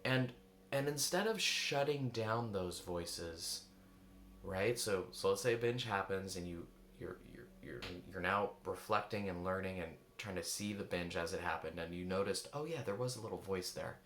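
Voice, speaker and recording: A man's voice: sits low, moderate pace, a bit bright, roomy sound, a little hiss or hum. A man giving a reflective coaching talk, searching for words and asking many rhetorical questions. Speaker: eating coach.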